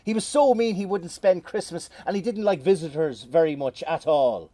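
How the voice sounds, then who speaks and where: A middle-aged Irish man telling a folk tale in a lively, playful way with dramatic pauses, outdoors. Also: on the high side, no room sound. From Ireland. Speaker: storyteller. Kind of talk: oral folk storytelling. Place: outdoors on a moor.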